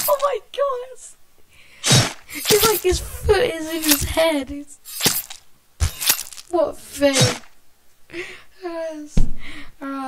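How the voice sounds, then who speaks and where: A woman talks through a video game run with excitable, foul-mouthed reactions. Her voice sits a little high and swings widely in pitch while she speaks at an unhurried pace. A loud hiss of background noise runs under the amateur recording. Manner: excitable, swears often, exclaims at the game. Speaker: gamer. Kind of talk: let's play commentary.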